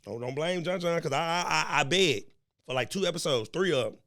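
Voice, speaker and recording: A man's voice: fairly high pitch, expressive, brisk, a bit bright, dry recording. Young man, solo podcast host, casual and cussing, a bit stuffy from a cold, recorded close and dry. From American Midwest. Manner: loose, joking and profane, talks straight to listeners. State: has a slight cold.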